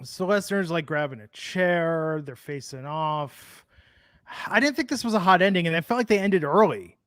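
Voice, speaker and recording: High-voiced man telling rambling stories. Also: expressive, normal speed, a bit bright, no echo, studio quality. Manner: rambling storyteller, laughs often. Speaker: podcast co-host. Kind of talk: casual chat.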